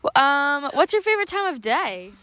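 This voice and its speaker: A young woman on a casual podcast, briskly reading interview questions and teasing the host. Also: high-pitched, very animated, pushed and bright.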